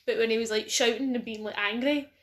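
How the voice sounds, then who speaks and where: Scottish lass chatting on a podcast, bit high voice, laughs a lot, swears. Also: female voice, fairly even intonation, fast talker. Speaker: podcast co-host. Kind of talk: casual chat.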